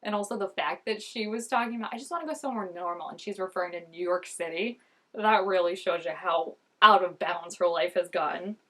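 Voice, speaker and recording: A woman's voice: on the low side, moderate pace, bright, forceful tone. A young woman reacting to a TV episode in casual commentary, chatty and gushing, laughing often and saying "like" a lot. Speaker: TV reaction vlogger.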